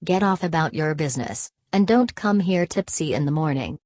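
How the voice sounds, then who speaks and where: A woman voicing a stout, bossy old factory owner who talks in short, sharp snaps. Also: deep voice, animated, normal speed, no echo, studio quality. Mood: snapping. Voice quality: sharp, snappish.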